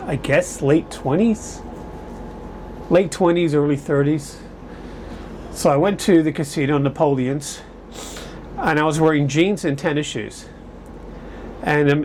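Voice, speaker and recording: Brief: rambling man telling stories to camera, slightly raised pitch, faint air conditioner hum behind. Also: a little mellow. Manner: rambling, chatty, self-correcting. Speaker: vlogger. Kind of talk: casual storytelling to camera. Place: home in summer, indoors. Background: air conditioner humming.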